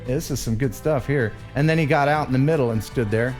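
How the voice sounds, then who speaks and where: An American man hosting a casual live-stream chat, chatty and quick to laugh. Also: medium pitch, a little mellow, soft background music. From USA. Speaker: host.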